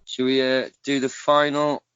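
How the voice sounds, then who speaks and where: A man's voice: mid-range voice, little pitch movement, normal speed, fairly bright tone, smooth, dry recording, muffled recording. A man hosting a podcast, reading news stories aloud and often breaking into laughter mid-sentence. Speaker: podcast host.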